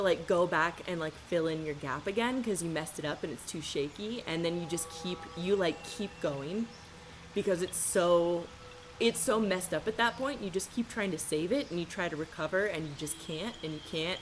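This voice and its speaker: A woman's voice: lowish voice, normal speed, noisy background. A woman streaming a video game live, chatting casually and rambling through stories with easy laughs.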